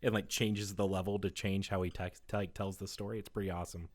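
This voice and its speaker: A man co-hosts a gaming podcast in a fairly low voice. He jokes around and gushes about the games he likes. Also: flat delivery, quick pace, darkish tone. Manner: enthusiastic, joking. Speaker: podcast co-host. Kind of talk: casual gaming podcast chat.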